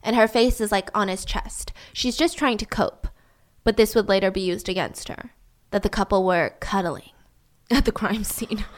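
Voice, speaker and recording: A woman's voice: mid-range voice, normal speed. A woman recounting a true-crime story in a casual, chatty way, full of "like" fillers.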